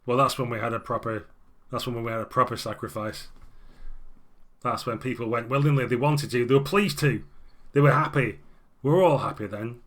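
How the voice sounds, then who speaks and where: A man's voice: medium pitch, brisk, a bit bright, close to an everyday voice. A man voicing a grumbling older former alderman who rants nostalgically about the old days. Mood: nostalgic. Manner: ranting, complaining, nostalgic.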